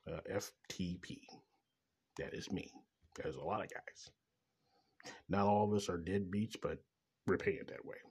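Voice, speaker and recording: A man's voice: low voice, fairly even intonation, a little slow, long pauses, darkish tone, slightly rough. A middle-aged man talking in a bitter, profane, rambling personal monologue about being a father. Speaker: father venting about child support.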